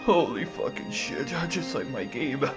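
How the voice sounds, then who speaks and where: A woman's voice: a bass voice, expressive, measured pace, over music. A woman putting on the exaggerated voice of a goofy, dim-witted gamer who rambles and cackles. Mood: silly. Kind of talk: comedic put-on voice.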